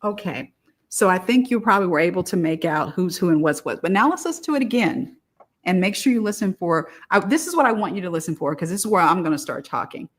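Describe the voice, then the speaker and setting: A woman host speaks to her viewers in a casual, instructive way, setting up a clip. Her voice is lowish and relaxed. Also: fast talker. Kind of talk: explaining a played clip to viewers.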